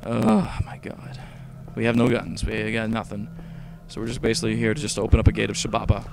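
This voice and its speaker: A man's voice: fairly low pitch, little pitch movement, fast, creaky. A young man hosting a gaming video, rambling casually, exasperated and swearing a lot. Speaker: host.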